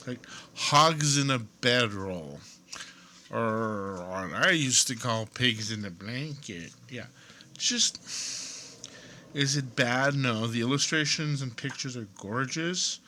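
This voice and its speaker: A man giving an off-the-cuff rant to camera, rambling and digressive, with wry self-deprecating asides and pauses while he leafs through a book. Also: medium pitch, animated, pushed and bright, slight background noise. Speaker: video creator.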